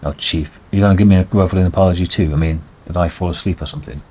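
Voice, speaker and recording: A man's voice: low-pitched, fairly even intonation, very fast, warm tone, slight background noise, natural voice. A man reading the lines of a boastful rogue who daydreamed of being king, in a cocky, chatty way. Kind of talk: reading game dialogue aloud.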